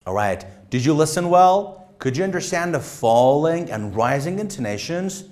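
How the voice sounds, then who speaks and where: A man teaching an exam-prep lesson, speaking emphatically and deliberately and demonstrating rises and falls in his voice. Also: on the high side, big pitch swings, darkish tone. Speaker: English test-prep teacher. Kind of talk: instructional lesson.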